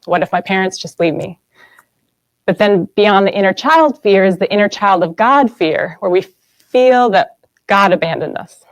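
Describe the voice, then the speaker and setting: A woman's voice: medium pitch, animated, moderate pace, no echo, highs cut off. A woman in her thirties giving an earnest spiritual talk to a group, often checking in with the audience. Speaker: guest speaker.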